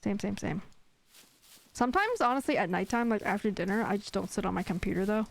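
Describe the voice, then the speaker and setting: A woman streaming a survival game live, chatting casually and getting jumpy and excited as she hunts. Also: medium pitch, fairly quick, gravelly. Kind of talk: live gameplay chat.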